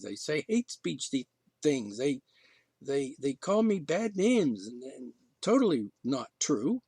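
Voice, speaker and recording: A man with a high, lively voice rants indignantly, swinging from sarcasm to exasperation. His delivery is rambling and full of restarts. The recording is dry and close. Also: husky, dry recording. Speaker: podcast host. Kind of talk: ranting monologue.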